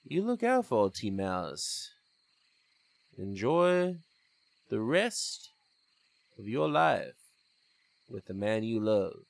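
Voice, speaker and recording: A man voicing a sly, mocking male spirit villain with taunting, drawn-out phrasing. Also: fairly low pitch, sing-song, creaky, dry recording, exaggerated voice.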